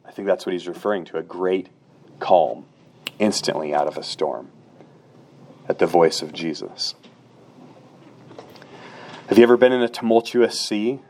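A middle-aged man preaching a sermon in an earnest way, rising to emphatic peaks and dropping soft again. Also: low-pitched, expressive, moderate pace, pauses often. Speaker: pastor.

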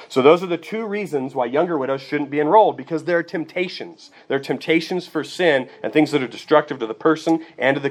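A man preaching a sermon, teaching in a conversational way and often checking in with his listeners with "okay" and "right.". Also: medium pitch. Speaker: pastor.

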